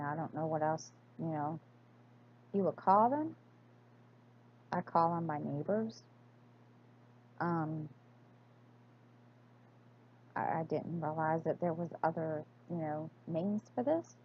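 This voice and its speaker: Slow lady vlogger, lowish voice, lots of ums and you knows, kinda dull lo-fi sound. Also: slight background noise. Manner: hesitant, many fillers and restarts. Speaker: crafting vlogger. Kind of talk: casual accent-tag chat.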